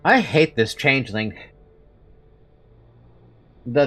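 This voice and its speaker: A man's voice: medium pitch, a little slow, pauses often, fairly bright tone, faint music behind. A man streaming a game, joking and talking to himself as he plays. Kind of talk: casual let's-play commentary.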